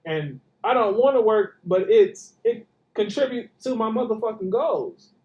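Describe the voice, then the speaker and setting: A man co-hosting a podcast in casual chat, relaxed and profane, often agreeing with his co-host. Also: sits high, a little slow. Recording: roomy, dull lo-fi recording.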